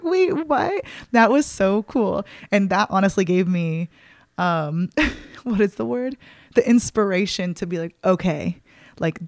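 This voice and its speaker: A woman's voice: medium pitch, no echo. Young woman rambling on her podcast, emotional and open, lots of "like", dry close sound. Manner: chatty, filler-heavy, emotional and open. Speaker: podcast host. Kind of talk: casual solo podcast chat.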